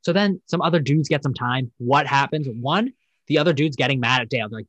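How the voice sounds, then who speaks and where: A man's voice: mid-range voice, a little fast, a bit bright, dry recording, rough recording. Rambling, profane young man. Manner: rambling, profane, acts out quotes in mocking voices. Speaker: podcast host. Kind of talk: casual chat recapping a dating show.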